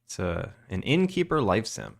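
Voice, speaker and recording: A young man chatting casually with viewers on a live stream, drowsy and relaxed in his early-morning voice. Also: on the low side, moderate pace, vocal fry. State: just woken up, morning voice. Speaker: game developer streamer.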